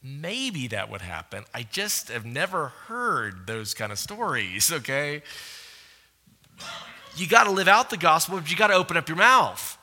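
A male pastor preaching a sermon in an animated, conversational way, often asking the audience questions. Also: on the high side, unhurried. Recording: echoey hall reverb.

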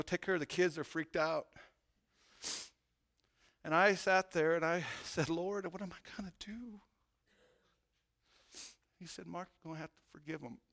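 A middle-aged man, a police chaplain, preaching an emotional testimony that swells to loud, fervent peaks. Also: on the high side, gravelly. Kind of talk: sermon testimony.

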